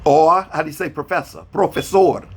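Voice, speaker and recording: A man's voice: on the high side, normal speed, slightly rough. A man teaching a beginner Spanish lesson over a video call, patiently repeating each question and spelling words out letter by letter. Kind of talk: online beginner language lesson.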